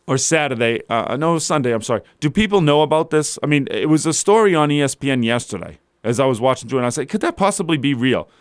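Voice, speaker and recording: A man's voice: on the high side, no echo, studio quality. A man hosting a sports talk show, ranting in disbelief and firing off rhetorical questions about coaching decisions. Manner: incredulous, builds to exasperated rhetorical questions. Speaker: sports radio host. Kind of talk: animated sports talk rant.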